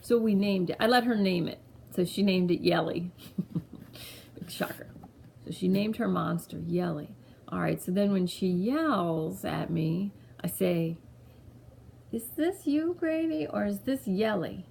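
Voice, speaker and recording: A woman tells a personal story in a loose, rambling way, often circling back to restart her thoughts. Her voice sits a little low with a gravelly fry, and a faint noise runs behind her. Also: unhurried, a little mellow. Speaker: mother sharing a parenting story. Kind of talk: casual personal storytelling to camera.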